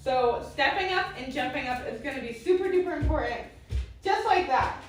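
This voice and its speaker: A woman's voice: high voice, expressive, a little fast. A woman teaching a live-streamed roller skating lesson, chatty and giggly, breaking off to coax her dog. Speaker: roller skate instructor. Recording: very echoey, far from the mic, faint noise.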